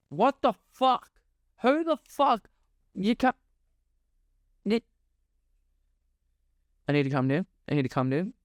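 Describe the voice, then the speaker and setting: Young male host, exasperated sarcastic monologue, clean crisp delivery, dry booth sound. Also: sits high, no room sound. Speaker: podcast host. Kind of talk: ranting monologue.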